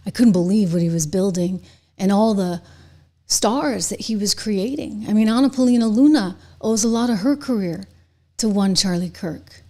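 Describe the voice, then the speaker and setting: A woman hosting a political commentary show, delivering an opinion monologue straight to her viewers and building to loud, indignant outbursts. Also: mid-range voice, normal speed. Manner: speaks directly to viewers.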